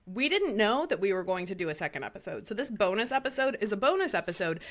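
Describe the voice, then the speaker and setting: A woman's voice: mid-range voice, big pitch swings, fast talker. A woman co-hosting a podcast, chatting casually and gushing with enthusiasm. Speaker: podcast co-host.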